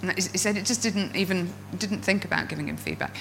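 Speaking fast with a fairly low, creaky voice, a female coach presents to other coaches, dramatizing inner voices as she tells vivid stories. Soft music plays in the background, and the audio is poor.

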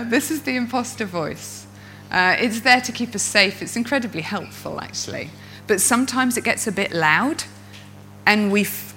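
Bright-voiced woman coach. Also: medium pitch, poor audio. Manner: expressive storyteller who acts out inner voices. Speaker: coach and speaker. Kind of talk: presentation to an audience of coaches.

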